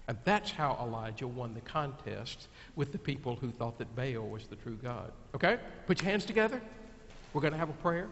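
A man, a pastor, telling a Bible story to children gathered at the front of a church, animated and lively, loudly acting out the crowd's cries. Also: mid-range voice, moderate pace, in a large hall, lo-fi sound, slight background noise. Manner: animated, shouts quoted cries. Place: church sanctuary.

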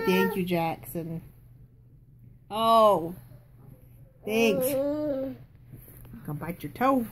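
A woman's voice: fairly high pitch, darkish tone. A young Southern woman with a Southern accent, coaxing her toddlers in a sing-song, playful way while filming them on a bed at home. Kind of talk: home video chat with toddlers. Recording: noisy home phone recording.

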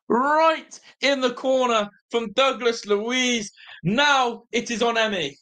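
A fan channel host, excitedly calling a live football watch-along, overwhelmed and breathless, chatting with viewers in the live chat. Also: medium pitch, slow pace. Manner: excitable, shouting in celebration.

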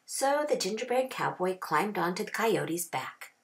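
A woman kindergarten teacher reading a picture book aloud, expressive with drawn-out phrases. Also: medium pitch, vocal fry.

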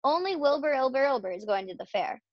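A bossy mother goose scolds her goslings in a high voice, tripping over repeated syllables, as a woman reads her aloud. The storybook voice is slow and stuttering. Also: expressive, no room sound, highs cut off. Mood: scolding.

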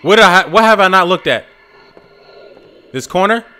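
A man's voice: high voice, expressive, moderate pace, pushed and bright, clear, resonant tone. A man playing a horror game while commenting on it, muttering, swearing and breaking into frantic outbursts. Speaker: gaming YouTuber.

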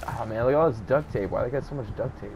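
A man giving gameplay commentary as a let's play host, excitable and swearing a lot. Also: mid-range voice, fast, vocal fry, background noise. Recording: game audio and gunfire behind.

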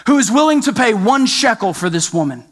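A bold male auctioneer presses a packed crowd for a bid, as a preacher puts him on. His voice sits high and pushes hard on each call. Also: big pitch swings, fairly quick. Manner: loud, pressing calls to a crowd.

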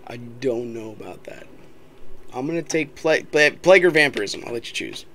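A woman's voice: very deep voice, lively intonation, moderate pace, fairly bright tone, slight background noise. A woman playing a roguelike and chatting with a child in a casual, playful, teasing way, recorded on a laptop webcam mic. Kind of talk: casual let's-play commentary.

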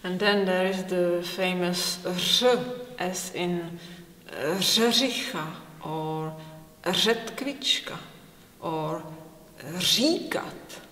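Slow Czech-accented woman teaching sounds. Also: on the low side, steady tone, fairly bright tone. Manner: slow, careful, demonstrating sounds. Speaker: language teacher. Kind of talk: pronunciation lesson. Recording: roomy hall reverb.

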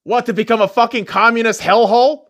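A man hosting a podcast, delivering a profane political rant, insulting and angry, swinging between yelling and muttering. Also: very high voice, fairly even intonation, quick pace. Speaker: podcast host.

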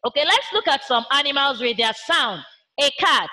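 A woman's voice: sits high, sing-song, moderate pace, sharp tone. A woman with a Nigerian English accent teaching a primary school science lesson online, using call-and-response questions and imitating animal sounds for the children.

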